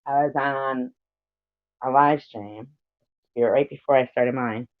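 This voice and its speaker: A woman's voice: rumbling low, fairly even intonation, takes it slowly, dry recording. Rambling American woman on a lo-fi livestream. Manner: rambling, giggly, reads out viewer comments. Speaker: livestream host. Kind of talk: casual livestream chat. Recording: dull lo-fi stream audio.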